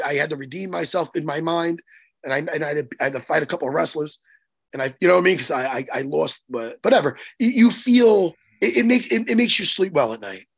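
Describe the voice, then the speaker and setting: A man co-hosting a chat show, telling a story in an excitable, profane way with lots of restarts. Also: a little high, creaky, breathy edge. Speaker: podcast co-host and martial arts coach. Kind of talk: casual chat, animated storytelling.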